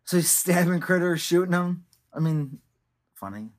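Wry podcast co-host, middle pitch. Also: lively intonation, normal speed. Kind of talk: casual movie discussion chat.

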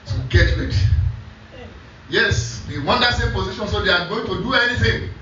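Male pastor, high bright voice, storytelling sermon, distant echoey church hall. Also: normal speed, lo-fi sound. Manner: storytelling, repeating scripture back to the congregation.

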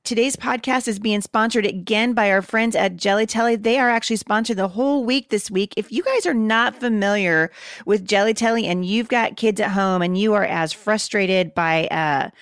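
Casting: woman podcast host, casual and enthusiastic sponsor read with asides, mid-pitched voice, dry close sound. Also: no echo. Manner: chatty and enthusiastic, with quick asides.

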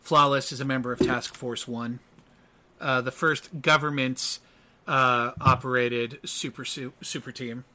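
A man narrating as game master of a tabletop role-playing game, quick and animated. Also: medium pitch.

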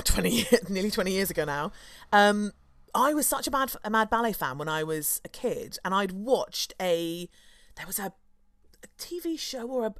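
A woman's voice: mid-range voice, no echo, studio quality. A woman in her thirties hosting a podcast, telling a story in a chatty, enthusiastic way with many fillers. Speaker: podcast host. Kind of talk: casual chat.

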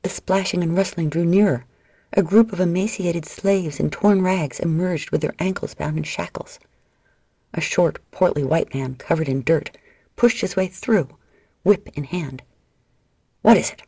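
A woman reading a novel aloud in steady, measured audiobook narration. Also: fairly low pitch, breathy edge, no echo, clean studio sound.

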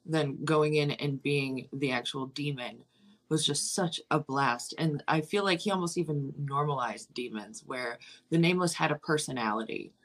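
A woman's voice: deep voice, moderate pace. Candid, swearing woman in her thirties. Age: 30s. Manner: candid, swears freely, effusive. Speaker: actress and co-producer. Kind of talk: casual interview.

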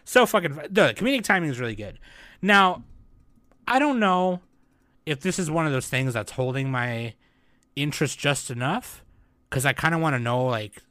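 A man's voice: fairly high pitch, expressive, normal speed, sharp tone, dry recording. A man co-hosting a casual chat about anime, rambling with lots of fillers and bursts of laughter. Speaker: podcast co-host.

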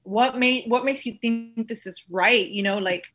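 A woman's voice: fairly high pitch, measured pace. A woman in casual podcast talk who rambles and fills her speech with "like". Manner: rambling, heavy use of "like".

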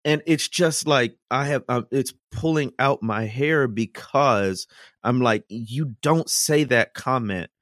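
A man's voice: medium pitch, takes it slowly, a bit bright, no room sound, clean studio sound. A man co-hosting a casual political discussion, explaining earnestly and drawing on scripture. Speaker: podcast co-host.

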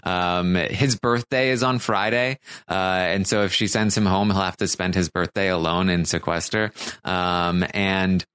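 Low-voiced man recapping a show. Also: fairly even intonation, a bit bright, clean tone, no room sound. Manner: halting, many fillers and restarts. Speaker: podcast co-host recapping a reality show. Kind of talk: casual recap chat.

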